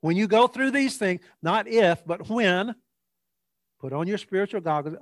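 A male preacher with a high voice, delivering an emphatic sermon. He draws out scripture verses slowly, repeats phrases, and calls on listeners to speak along. The sound is dry and close. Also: dry recording. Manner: leads the congregation in call-and-response.

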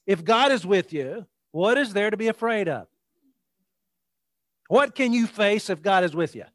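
A man preaching a sermon, reading scripture slowly and repeating key lines for the congregation to say with him. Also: high-pitched, animated, a bit bright, no room sound, studio quality. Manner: emphatic, slows down for scripture and repeats key phrases; leads the congregation in call-and-response.

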